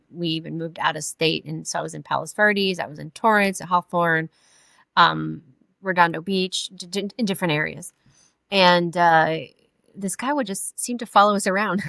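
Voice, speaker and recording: Woman in her forties, from California, low voice, dry close sound, halting storytelling. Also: vocal fry, a bit bright, no echo. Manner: halting, many fillers and restarts. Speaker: podcast guest. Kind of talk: personal storytelling in an interview.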